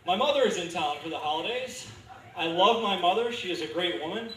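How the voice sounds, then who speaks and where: Deadpan stand-up man in his thirties. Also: sits high, brisk, a little hiss or hum. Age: 30s. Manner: deadpan dark one-liners, dry delivery. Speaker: stand-up comedian. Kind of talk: stand-up comedy set. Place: comedy club stage. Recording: echoey club recording from far off.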